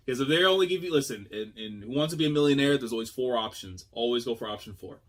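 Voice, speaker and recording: A man at a middling pitch gives casual reaction commentary. He is excitable and slangy, laughs easily, and often trails off mid-thought as he puzzles things out. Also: fast, few pauses. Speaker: manga reaction YouTuber.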